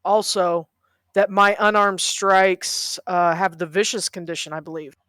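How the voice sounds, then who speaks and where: A woman's voice: fairly low pitch, steady tone, a little slow, a bit bright, dry recording, clean studio sound. A woman player in a tabletop role-playing game, carefully double-checking her numbers and rules.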